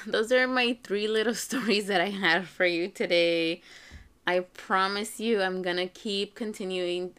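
Chatty mom telling a funny story. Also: female voice, fairly low pitch, clean tone. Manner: chatty, animated, often laughing, acts out quoted voices. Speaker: podcast host and mother. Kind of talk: casual storytelling monologue.

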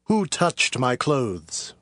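Casting: a man voicing a solemn, commanding Jesus for a scripture audio drama, raised and varied pitch, slow and deliberate. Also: big pitch swings, fairly bright tone, dry recording, clean studio sound, heavily acted. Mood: gentle, solemn. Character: calm authoritative male teacher, Jesus.

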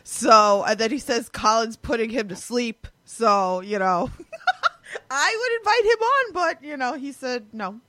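Playful slow-talking woman co-host. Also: on the high side, animated, bright, forceful tone, dry recording. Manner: playful, giggly. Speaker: podcast co-host. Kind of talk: casual podcast chat.

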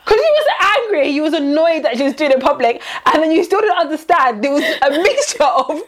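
A young woman with a high voice in relaxed conversation. She pauses and restarts as she hunts for words, and laughs easily between thoughts. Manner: hesitant, searches for words, laughs often. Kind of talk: casual chat.

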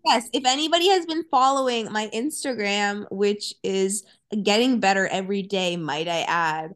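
A woman's voice: mid-range voice, moderate pace, a bit bright. A woman co-hosting a podcast in casual, playful, teasing chat. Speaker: podcast co-host.

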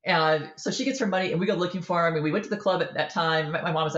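A woman author in a casual interview, telling a lively story and acting out the voices in it. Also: lowish voice, quick pace, reverberant, dull audio. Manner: animated storyteller, acts out quoted voices. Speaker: author guest.

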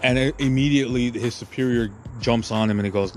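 A man's voice: medium pitch, steady tone, fairly quick, a little mellow, faint music behind. A man hosting a podcast, ranting crudely and heatedly in a rambling monologue full of filler and profanity. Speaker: podcast host.

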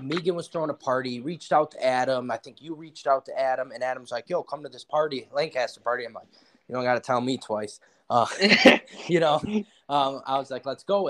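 A man, a guest joining remotely, telling stories in a rambling way with many fillers. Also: medium pitch. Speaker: podcast guest. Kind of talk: casual chat. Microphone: remote call.

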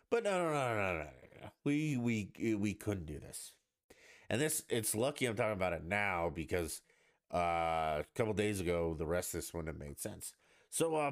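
A man's voice: lowish voice, no room sound, studio quality. A man hosting a podcast, ranting in a blunt, profane and mocking way in a casual monologue. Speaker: podcast host.

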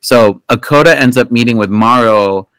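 A man's voice: mid-range voice, normal speed, fairly bright tone, clear, resonant tone, no room sound, low-quality recording. Rambling, profane male podcast host. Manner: rambling, profane, full of fillers and restarts. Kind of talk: casual movie recap chat.

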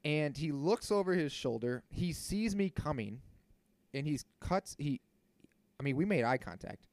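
A man in his thirties hosting a podcast, telling a story in a casual, animated and indignant way and swearing freely. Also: on the high side, measured pace, no room sound. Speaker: podcast host.

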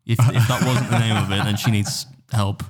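A man's voice: lowish voice, fairly even intonation, normal speed, husky. A young man co-hosting a podcast in casual chat, joking and making self-mocking asides. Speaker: podcast co-host.

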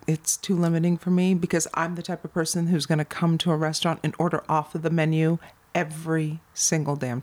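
A woman in her fifties, a guest author, talking casually and chattily in a podcast interview. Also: low-pitched. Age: 50s.

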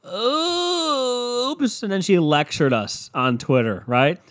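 Man, comedic rant, sarcastic, swears a lot, very animated pitch. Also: moderate pace. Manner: sarcastic, swears freely, mocks people in put-on voices.

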